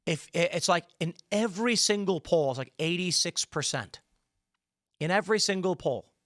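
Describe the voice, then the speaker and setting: A man's voice: high voice, moderate pace, fairly bright tone, dry recording, clean studio sound. A man in his thirties hosting a solo political commentary show, talking emphatically with rambling, sarcastic asides.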